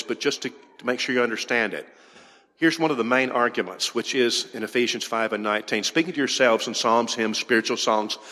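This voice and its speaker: Preacher with emphatic rhetorical questions. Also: male voice, medium pitch, fairly bright tone. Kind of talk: sermon. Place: church sanctuary. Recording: long hall reverb.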